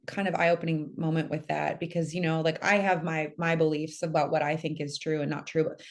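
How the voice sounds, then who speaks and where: Fast-talking woman telling ghost stories. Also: low voice. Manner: animated storytelling with many fillers. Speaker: guest storyteller. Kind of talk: casual conversation. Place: lives in Tennessee.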